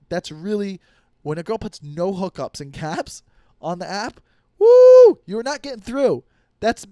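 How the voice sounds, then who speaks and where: A young man hosting a comedy podcast, ranting profanely about dating apps and acting out quick quoted voices. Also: sits high, darkish tone, no room sound, studio quality. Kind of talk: solo comedic podcast rant.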